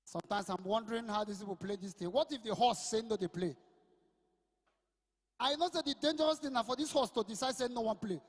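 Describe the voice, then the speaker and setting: A young Nigerian man with a Port Harcourt Pidgin accent works the crowd as a live comedian and MC. His voice sits high and carries a long reverb tail from the PA system. He tells loud, punchy stories that slide between English and Pidgin. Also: brisk. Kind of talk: live stand-up at an event. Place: outdoor sports event over a PA.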